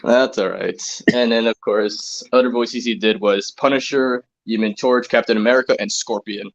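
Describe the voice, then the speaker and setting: A man's voice: fairly low pitch, fairly even intonation, moderate pace, highs cut off. A man hosting a casual online chat who talks hesitantly, with many fillers and restarts. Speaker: stream host.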